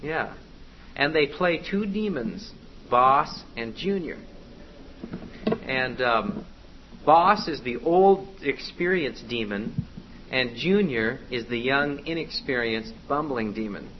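Animated male preacher on a dull recording. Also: medium pitch, slow. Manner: conversational, exhorting. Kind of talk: sermon. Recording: dull lo-fi with faint noise.

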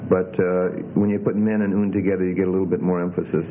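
Low-voiced man lecturing, tinny sound. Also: fast. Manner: relaxed, hesitant, many fillers. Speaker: Greek teacher. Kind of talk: classroom lecture. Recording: tinny lo-fi with faint hiss.

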